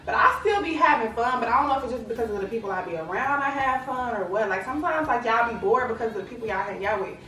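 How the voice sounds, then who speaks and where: This young Texan woman from Lubbock vlogs casually to camera, talking fast with hardly any pauses and sprinkling in "like" and "you know what I'm saying." Her voice is on the high side, expressive, and fairly bright. The mic is distant, the room echoey, and faint ambience is audible.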